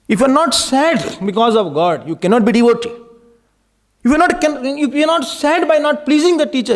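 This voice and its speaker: A man giving an impassioned devotional discourse as a spiritual teacher, pleading and exhorting his listeners. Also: very high voice. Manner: impassioned, mixing in Hindi verses and pleading cries.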